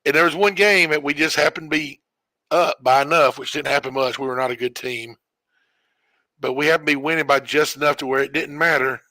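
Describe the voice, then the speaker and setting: Bright-voiced man rambling through a story. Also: a little high, a little fast, no echo. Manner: rambling, self-correcting storyteller who chuckles often. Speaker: streamer. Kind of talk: casual storytelling while gaming.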